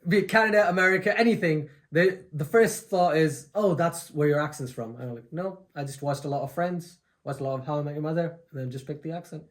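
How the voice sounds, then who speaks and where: A man's voice: on the high side, fast, few pauses. Polite, eager man guesting on a reaction. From United Kingdom. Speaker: guest co-host. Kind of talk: casual chat. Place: his home indoors.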